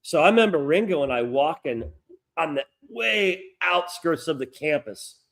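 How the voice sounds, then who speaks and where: A middle-aged man tells a story on a casual podcast, with a fairly high voice that swoops up and down a lot. He talks in a rough, animated way and swears freely. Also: normal speed. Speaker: podcast co-host.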